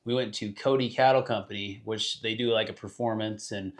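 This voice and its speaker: A young man talking as a podcast guest in a relaxed, slangy way, tossing in bro and man. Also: fairly low pitch, brisk. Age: young adult. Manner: laid-back slangy talk, says bro and man. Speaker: podcast guest, roofer and rapper. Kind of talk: casual podcast chat.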